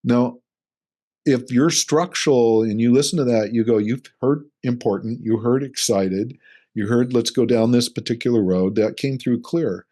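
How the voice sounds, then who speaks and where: A man's voice: mid-range voice, moderate pace, warm tone. Earnest middle-aged man explaining. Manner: earnest, explains with acted-out examples. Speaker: relationship coach, interview guest. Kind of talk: casual interview conversation.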